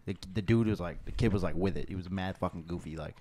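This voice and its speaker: A man's voice: low voice, fast talker, warm tone, slight background noise. A young man from New England, a podcast co-host in casual chat, rambling with many fillers and swear words. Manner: rambling, swears a lot, lots of "like".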